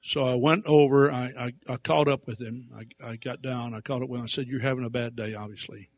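A man preaching through a personal story, animated, dropping to quiet asides and rising to loud emphatic outbursts. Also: medium pitch, a little fast, no echo. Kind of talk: storytelling sermon.

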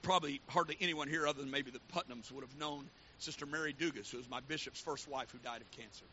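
A male pastor preaching a fervent sermon that swings from hushed to shouting. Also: mid-range voice, fast. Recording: dull lo-fi with faint hiss.

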